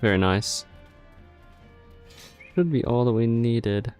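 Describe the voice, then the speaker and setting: While streaming a game, a sleepy man mumbles a casual play-by-play of his moves, often trailing off. His medium-pitched voice is slow, slightly mellow, and clean, with faint music playing behind him.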